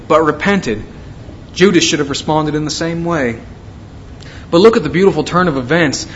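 A man's voice: sits high, rough recording. A man preaching a sermon, reading scripture and retelling it in an earnest, emphatic way.

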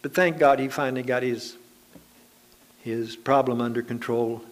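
A man's voice: mid-range voice, steady tone, normal speed. A man preaching a sermon to his congregation, telling homely anecdotes in a conversational, folksy way.

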